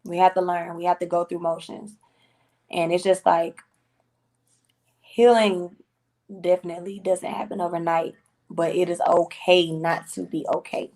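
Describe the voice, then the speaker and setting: A woman's voice: fairly low pitch, steady tone, a little slow, long pauses, a little mellow. A woman musician as a podcast guest, talking casually and earnestly, repeating phrases and using slang. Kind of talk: casual interview talk.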